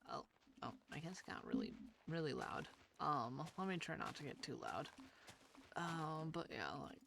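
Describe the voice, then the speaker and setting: A mid-pitched, nasal voice with a touch of gravelly fry talks over gameplay. The speaker rambles shyly, piling up fillers and restarts. A faint hiss sits behind the voice. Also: animated, moderate pace, a bit bright. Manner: shy, talks about social anxiety. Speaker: gaming video creator. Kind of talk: casual gameplay commentary.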